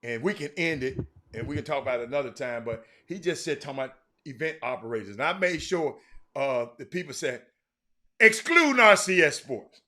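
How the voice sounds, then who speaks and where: A man hosting a casual livestream sports talk show, animated and laughing, often repeating names and restarting his sentences. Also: medium pitch, fairly quick. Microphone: streaming mic.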